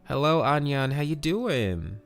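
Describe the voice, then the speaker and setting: A man's voice: fairly high pitch, sing-song, measured pace, smooth, soft background music. A man streaming a video game live, chatting casually and upbeat, greeting viewers by name and swearing now and then.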